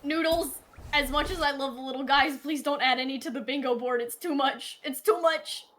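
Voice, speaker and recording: A high-pitched woman with a bright, sharp voice commentates a live game tournament. She is playful and teasing and breaks into laughs often. The tone stays casual, as if chatting with a friend on stream. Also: fairly even intonation, normal speed, faint music behind.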